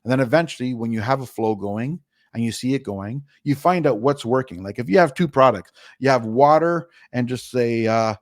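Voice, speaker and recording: A man's voice: medium pitch, animated, normal speed, no echo. Guy giving blunt no-nonsense money tips, casual, bit of swearing, dry close sound. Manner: blunt, down-to-earth, mildly profane. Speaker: guest. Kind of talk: casual interview advice.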